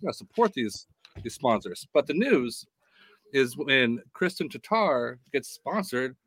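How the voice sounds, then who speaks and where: Casting: male easygoing podcast co-host, bright, lively delivery. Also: medium pitch, unhurried, slightly rough, no echo. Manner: casual, reads sponsor spots. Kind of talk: casual chat.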